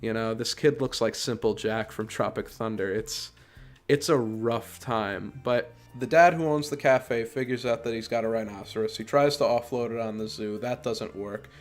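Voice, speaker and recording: A man in a middle register runs a podcast and talks through a movie in a casual review. He sounds sarcastic and exasperated. Soft music plays faintly behind him. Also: mid-range voice, normal speed.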